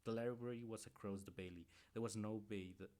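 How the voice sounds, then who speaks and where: Low-voiced man reading a novel aloud. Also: steady tone, a little fast, dark tone. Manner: stumbles and corrects himself mid-sentence.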